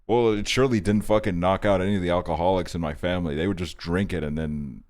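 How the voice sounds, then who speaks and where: A young man from Estonia chatting casually on a stream, rambling and profane, telling animated stories. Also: deep voice, fast.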